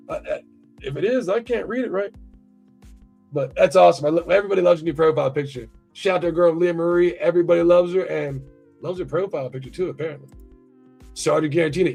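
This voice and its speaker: A man's voice: high-pitched, fast, creaky, a little mellow. American man, livestream host, rambling and profane, faint music under him. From United States. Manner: profane, rambling, talks to chat. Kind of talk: casual livestream chat.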